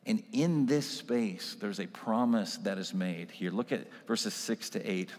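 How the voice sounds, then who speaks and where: A man's voice: on the low side, unhurried, darkish tone. Conversational male pastor in a reverberant church. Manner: conversational preaching with frequent tag questions. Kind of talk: sermon. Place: church sanctuary. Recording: long reverb of a church hall.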